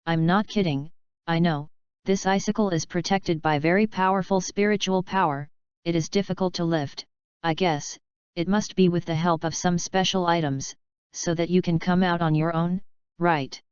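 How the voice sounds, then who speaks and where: A woman's voice: lowish voice, fairly even intonation, normal speed, darkish tone, clean tone, dry recording, lightly acted. Woman reading as an earnest young hero. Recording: slightly dull lo-fi recording.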